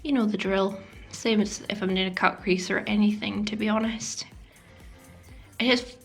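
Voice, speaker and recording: A woman talks through a makeup tutorial in a chatty, self-deprecating voice-over, her voice carrying some vocal fry at a middle pitch. She slips into near-whispers now and then, and light music plays faintly beneath her. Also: fairly even intonation, normal speed. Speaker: beauty vlogger. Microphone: voice-over mic.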